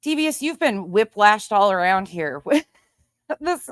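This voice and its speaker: A woman's voice: medium pitch, very animated, a little slow, dry recording. Woman host, plainspoken and profane, medium voice, dead-dry recording. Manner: blunt, profane gossip. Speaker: livestream host. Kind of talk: casual livestream commentary.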